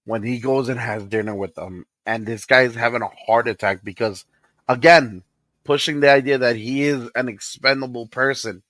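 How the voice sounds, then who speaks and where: A man co-hosting a podcast, chatting casually about a movie he just saw and retelling scenes with excitement. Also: medium pitch, moderate pace, dry recording, low-quality recording. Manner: excitable, retells scenes with acted quotes and laughter. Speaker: podcast co-host. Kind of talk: casual movie review chat.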